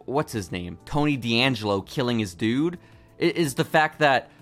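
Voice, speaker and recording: A young man co-hosting a podcast, chatting casually and retelling scenes with animated voices. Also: medium pitch, normal speed, soft background music. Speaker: podcast co-host. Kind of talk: casual chat recapping wrestling.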